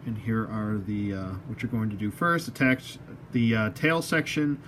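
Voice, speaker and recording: A man's voice: on the low side, moderate pace, fairly bright tone, slight background noise. A man reviewing an action figure as he unboxes it, rambling and self-mocking, talking to the toy as he works.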